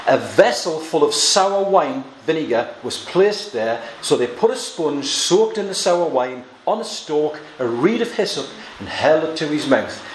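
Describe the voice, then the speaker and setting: An earnest male preacher gives a Bible sermon, reading scripture quietly before driving his points home with sudden emphasis. His voice is a little higher than most men's, very animated, a little slow, and he rarely pauses. The room echoes, with a faint hum of ambience.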